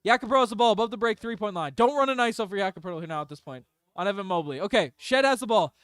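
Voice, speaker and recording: A young man giving a fan's live play-by-play commentary, swinging between despair and hype and yelling after big shots. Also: extremely high pitch, animated, a little fast, clear, resonant tone, no echo, clean studio sound. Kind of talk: excited fan play-by-play commentary.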